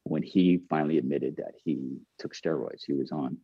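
A man's voice: very deep voice, steady tone, normal speed, no echo, muffled recording. An earnest man in middle age, a former pro ball player telling a candid story, often repeating and restarting his phrases.

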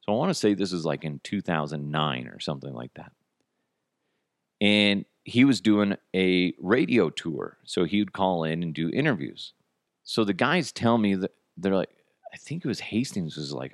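A man hosting a comedy podcast, rambling through stories with quick asides. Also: low-pitched, animated, dry recording, studio quality. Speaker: podcast host. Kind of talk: casual comedic chat.

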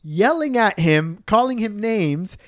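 A young Palestinian man spins a story in casual chat, his pitch leaping up and down as he acts out the other people. He swears freely and laughs a lot. The sound is dry and close. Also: slow pace, no echo. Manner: animated, acts out voices, swears, laughs often.

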